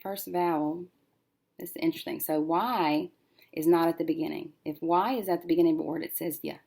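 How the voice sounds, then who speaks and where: A woman teacher working through a syllable-division lesson, thinking aloud and slowly sounding out each syllable as she writes. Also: low voice, steady tone, creaky, warm tone, slightly rough. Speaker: reading teacher.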